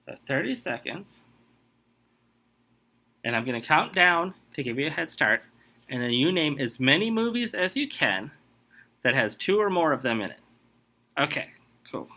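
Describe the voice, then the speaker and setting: Male podcast host running a quiz. Bright, higher voice with a lively, swinging delivery. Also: normal speed. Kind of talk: casual podcast quiz game.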